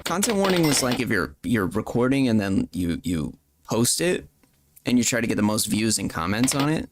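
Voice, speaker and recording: A man's voice: fairly low pitch, big pitch swings, moderate pace. A man hosting a gaming stream, chatting casually with blunt, profane banter. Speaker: stream host. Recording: noisy game stream audio.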